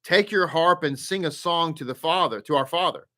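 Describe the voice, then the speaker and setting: A man's voice: a little high, normal speed, bright, forceful tone. A man leading a live Torah study, greeting viewers by name and chatting casually before he teaches.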